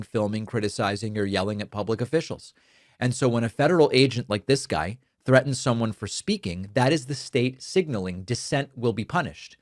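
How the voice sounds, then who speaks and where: A man's voice: mid-range voice, no echo, clean studio sound. A man hosting a political commentary show, speaking emphatically and argumentatively, whose first language is Spanish.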